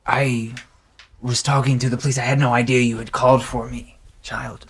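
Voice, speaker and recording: Man voicing a curt distracted woman mentor, plain mid pitch, tabletop game. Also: flat delivery, normal speed, fairly bright tone, slightly rough. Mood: apologetic. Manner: curt, dismissive.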